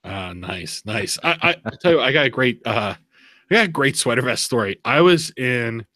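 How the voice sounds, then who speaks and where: A bright, forceful male voice in casual podcast chat. He tells stories with animated energy and laughs easily. The sound is dry and close. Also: mid-range voice, dry recording. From Pennsylvania. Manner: animated storyteller, quick laughs. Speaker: podcast host.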